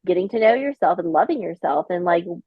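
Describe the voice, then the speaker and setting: A woman's voice: lowish voice, animated, fast, slightly rough, dry recording, narrow, tinny audio. A woman, a flight attendant and podcast guest, chatting casually in a rambling way full of fillers. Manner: rambling, filler-heavy storytelling. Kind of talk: casual chat.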